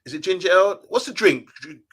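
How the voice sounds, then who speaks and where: Male co-host, bright ringing tone, chatty, reads out viewer comments on a live stream. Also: high voice, expressive, fast, slightly rough. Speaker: co-host of a fan channel live show. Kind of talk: casual live-stream chat.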